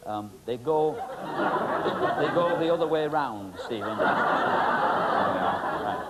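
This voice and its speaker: A stage magician banters with volunteers on stage in a joking, rambling, teasing way, full of ums. His mid-range voice has lively intonation but moves very slowly, and the recording is very noisy.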